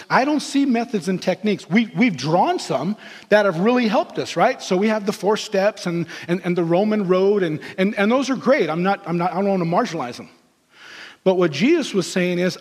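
High-voiced man preaching in a reverberant sanctuary. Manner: animated storytelling, acting out quoted characters. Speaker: pastor. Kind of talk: sermon. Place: church sanctuary.

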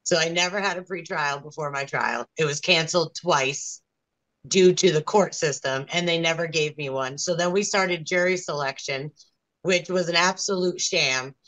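Young woman, interviewee, low register, aggrieved and earnest. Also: normal speed, fairly bright tone, rough recording. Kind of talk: casual interview.

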